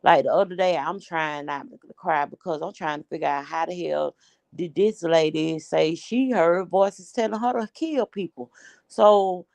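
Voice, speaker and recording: A woman's voice: low-pitched, normal speed, vocal fry, darkish tone, no echo. A woman hosting a casual group chat, blunt and slangy, laughing often. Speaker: host.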